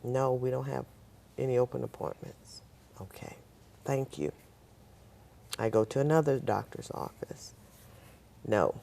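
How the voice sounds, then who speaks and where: A woman's voice: rumbling low, unhurried, gravelly, long pauses, dark tone. An older woman, a guest on a talk show, telling a personal story and acting out the voices of the people in it.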